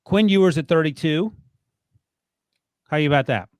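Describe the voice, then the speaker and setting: A man hosting a sports podcast, leading the chat with quick, teasing back-and-forth. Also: on the high side, clean tone, dry recording. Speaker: podcast host.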